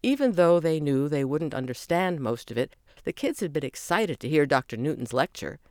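Lively children's audiobook narrator. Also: mid-range voice, normal speed, dry recording, clean studio sound. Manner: lively storytelling.

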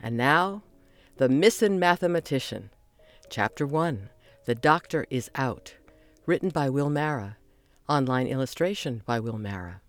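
A narrator reading a children's audiobook in a lively storytelling manner. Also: mid-range voice, measured pace, faint music behind.

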